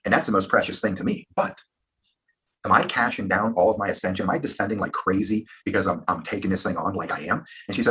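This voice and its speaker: A man's voice: deep voice, fast, sharp tone, slightly rough. A man hosting a live-stream round table, talking in a brash, rambling, fired-up way. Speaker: live show host.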